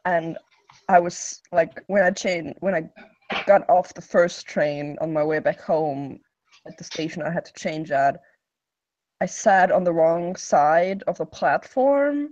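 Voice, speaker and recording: Low-voiced woman on a lo-fi call. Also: slow, darkish tone. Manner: chatty, filler-heavy storytelling. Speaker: hangout participant. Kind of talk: casual video call chat. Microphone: video call.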